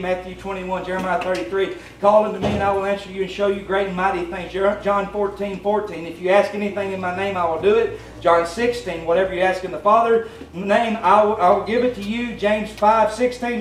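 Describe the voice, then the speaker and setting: A man with a Southern US accent preaching a plainspoken, folksy, conversational sermon as pastor. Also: high voice. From Tennessee. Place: church sanctuary. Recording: roomy church sound from a distant mic, faint hum.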